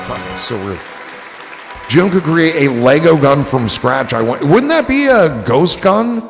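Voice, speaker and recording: A man's voice: on the high side, big pitch swings, unhurried, gravelly, in a large hall, music in the background, crowd noise. A man hosting a casual livestream, reading out chat comments and riffing on them in a rambling, joking, profane way. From New Jersey.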